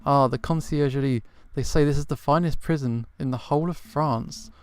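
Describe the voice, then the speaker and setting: A man's voice: mid-range voice, normal speed, darkish tone, clear, resonant tone, natural voice. Man reading as a formal bird lawyer.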